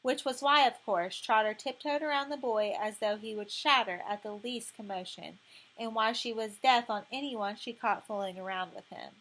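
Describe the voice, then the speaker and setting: A woman reads a children's story aloud in a measured, expressive manner. Her voice sits slightly high, and she paces the narration evenly, leaning into each sentence. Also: poor audio. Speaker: audiobook narrator. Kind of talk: audiobook narration.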